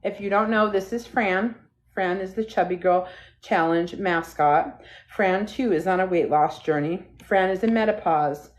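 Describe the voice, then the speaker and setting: A woman with a low voice hosts a relaxed live stream into her phone. She rambles from topic to topic and keeps breaking off to thank viewers. Her talk is loose and chatty. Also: measured pace, a little hiss or hum. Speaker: livestream host. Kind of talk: casual live stream chat. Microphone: phone livestream.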